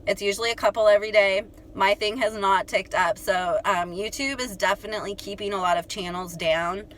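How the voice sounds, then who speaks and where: A young woman telling a story to her viewers in a chatty, animated way, full of "like" and "you guys". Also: mid-range voice, brisk, a little hiss or hum. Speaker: astrology channel host.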